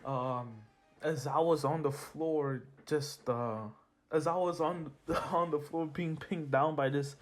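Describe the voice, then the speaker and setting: A man's voice: fairly high pitch, fairly even intonation, takes it slowly. A man casually telling a made-up fan story, rambling, correcting himself and laughing at his own slips. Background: soft lofi music.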